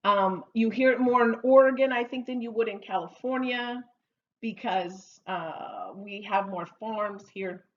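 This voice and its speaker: A woman teaching English idioms in a slow, repetitive lesson, playfully drawing out each phrase for learners to repeat. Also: mid-range voice, dull audio. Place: Oregon.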